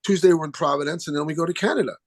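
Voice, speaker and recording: An older man, a guest musician chatting in an interview, animated and acting out the people he quotes. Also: a little high, racing, no room sound. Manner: animated storyteller, acts out phone calls in quoted voices. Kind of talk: casual interview chat.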